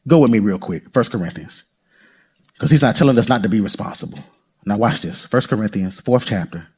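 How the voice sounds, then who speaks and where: This male pastor's voice is on the low side, a little fast, and edged with breathiness. He preaches animatedly, calling out to the congregation and voicing characters.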